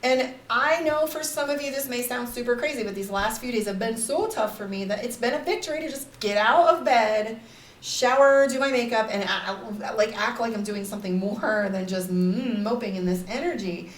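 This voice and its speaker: A woman's voice: on the high side, moderate pace, few pauses. Candid woman live-streaming in an echoey room. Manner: candid, rambling, frequent "like" and "right?". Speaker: psychic and life coach hosting a live stream. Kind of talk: casual live-stream talk to viewers. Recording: roomy echo, somewhat far from the mic.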